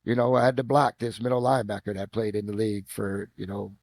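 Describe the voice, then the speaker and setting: A middle-aged man with a Midwestern American accent, a podcast guest telling football stories in a lively, casual way. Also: fast, creaky, dry recording. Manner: animated storyteller, acts out quotes with rising pitch. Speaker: guest, former football player and coach. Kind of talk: casual storytelling interview.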